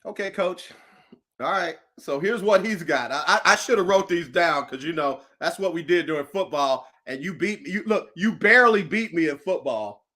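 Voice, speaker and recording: A man hosting a casual sports chat, playful and teasing in quick banter. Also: fairly high pitch, lively intonation, sharp tone. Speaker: show host.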